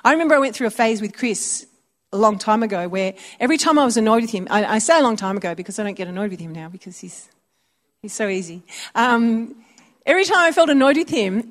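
A woman's voice: fairly high pitch, expressive, fast talker. Chatty woman preaching a sermon. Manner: chatty, storytelling, acts out voices. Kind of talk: conversational sermon.

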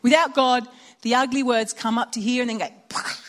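Animated woman giving a chatty sermon. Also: fairly high pitch, fairly quick. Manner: chatty, animated storytelling with quoted dialogue. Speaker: speaker at a Christian women's or mothers' gathering. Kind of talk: informal sermon with personal anecdotes.

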